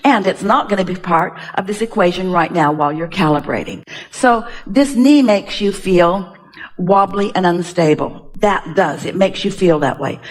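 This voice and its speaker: A woman's voice: fairly low pitch, lively intonation, normal speed. A woman giving a live seminar talk, speaking emphatically to an audience member, repeating phrases and asking rhetorical questions. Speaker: spiritual teacher at a workshop.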